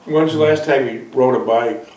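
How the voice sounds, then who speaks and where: A man hosting an interview, firing off brisk questions and answering with short acknowledgments. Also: medium pitch, a little mellow, echoey room, rough recording. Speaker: interviewer, show host. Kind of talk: reading aloud and asking interview questions.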